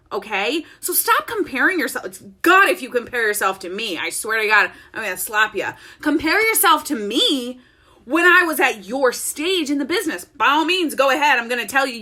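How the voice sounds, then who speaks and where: A woman vlogging from her home office, telling an animated, laughing story in a chatty, casual way. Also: sits high. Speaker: network-marketing business leader and vlogger.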